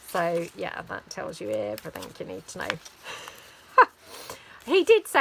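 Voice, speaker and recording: A woman's voice: fairly low pitch, wildly swooping pitch, a little slow, creaky, a bit bright, slight background noise, poor audio. A woman chatting casually while she crafts, rambling and full of fillers. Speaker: craft vlogger.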